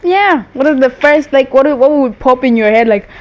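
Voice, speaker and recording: A woman's voice: high-pitched, animated, highs cut off. Giggly young woman hosting a casual chat. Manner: giggly, talks fast when nervous. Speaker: host.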